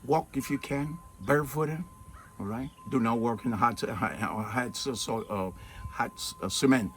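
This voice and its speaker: Outdoors in the shade at his home, where trees and mountains surround him, a spiritual teacher speaks earnestly and informally in an unhurried, mid-range, fairly bright voice. He leans on rhetorical questions and "okay?" check-ins, with birds and wind chimes faintly audible.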